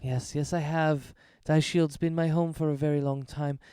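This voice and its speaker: A man's voice: fairly high pitch, flat delivery, normal speed, mellow, clean tone, no echo, clean studio sound, lightly acted. A man voicing a chatty, hospitable wood elf innkeeper woman in a tabletop game, talking in a fluttery, eager-to-please way.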